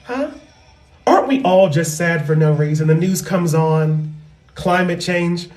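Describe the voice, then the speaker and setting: A woman comedian talking loudly and animatedly in a casual, profane monologue into a microphone. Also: fairly low pitch, measured pace. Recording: roomy echo with faint music.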